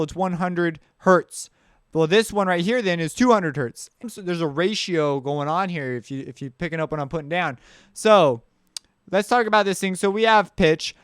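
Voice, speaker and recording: A man's voice: a little high, a bit bright, smooth, dry recording, studio quality. A man teaching sound basics in a loose, chatty tutorial, thinking aloud as he works. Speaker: music production teacher. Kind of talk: casual screen-share tutorial.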